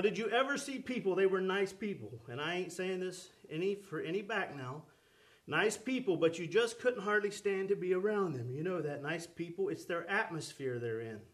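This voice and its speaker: A man with a fairly high, slightly bright voice preaches with fervent energy. He drives the sermon along by calling out questions and affirmations to his congregation.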